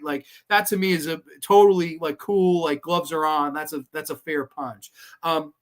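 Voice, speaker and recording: A man's voice: fairly high pitch, fairly bright tone. A man hosting a podcast, giving a casual, rambling solo film review full of fillers, restarts and swearing. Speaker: podcast host reviewing films.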